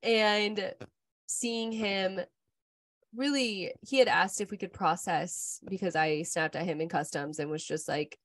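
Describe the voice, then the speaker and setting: A woman's voice: mid-range voice, fairly even intonation, a little slow, no room sound. Woman in her thirties, rambling candid chat. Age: 30s. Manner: candid, rambling storytelling with frequent "like". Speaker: podcast co-host. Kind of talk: casual chat.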